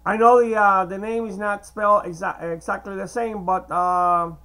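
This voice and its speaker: High, gravelly man rambling to camera. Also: fairly even intonation, sharp tone, rough recording. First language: Spanish. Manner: hesitant, meandering, many filler pauses. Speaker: video blogger. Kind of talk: casual rambling monologue to camera.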